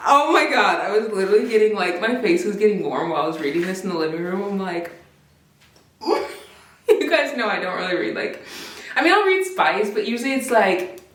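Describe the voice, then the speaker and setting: A woman's voice: medium pitch, lively intonation, moderate pace, a bit bright, reverberant, distant mic, a little hiss or hum. A young adult woman chatting casually in a reading vlog, giggling often and rambling with many fillers. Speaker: booktuber.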